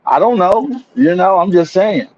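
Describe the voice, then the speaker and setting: A man with a high voice chats loosely on a podcast, stumbling over repeated words and circling back to his point. The audio is dull and lo-fi. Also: expressive, darkish tone. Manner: rambling, repeats himself, drawn-out asides. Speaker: podcast co-host. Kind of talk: casual chat.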